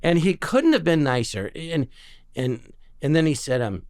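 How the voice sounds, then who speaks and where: A man's voice: on the high side, measured pace, clear, resonant tone. A man, a guest comedian telling anecdotes in casual chat and acting out the voices of the people in his stories. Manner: animated storyteller acting out quoted voices.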